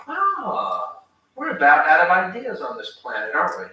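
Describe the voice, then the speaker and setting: A man delivering a sardonic stand-up routine, his voice sharp and piercing. He is heard from a distance in a very echoey room, with a faint hiss underneath. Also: fairly high pitch, huge pitch swings, normal speed. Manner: sardonic, mocking impressions. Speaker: stand-up comic.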